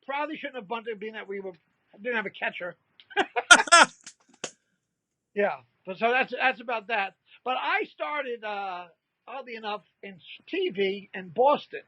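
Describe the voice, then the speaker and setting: Older comedian, sixties, high voice, animated storyteller, dull dry audio. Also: male voice, measured pace. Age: 60s. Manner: animated anecdote-telling, acts out quoted voices. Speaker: comedian guest. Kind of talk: storytelling in a casual interview.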